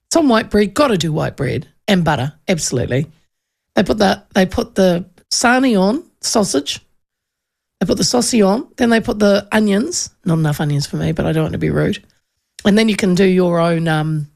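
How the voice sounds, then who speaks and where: Kiwi lady radio host rambling on, gravelly fry in her voice, lots of restarts. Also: mid-range voice, a little mellow. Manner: chatty, rambling storytelling with many restarts. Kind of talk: casual chat.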